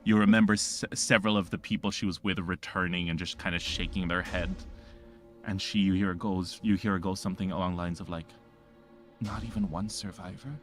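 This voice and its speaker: Low-voiced, rambling male game master. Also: steady tone, a bit bright, faint music behind. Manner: rambling, halting, lots of fillers and restarts. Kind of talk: narrating a tabletop game.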